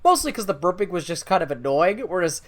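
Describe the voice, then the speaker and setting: A man co-hosting a podcast in casual chat, relaxed and wry, explaining at length. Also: high voice, quick pace. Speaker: podcast co-host.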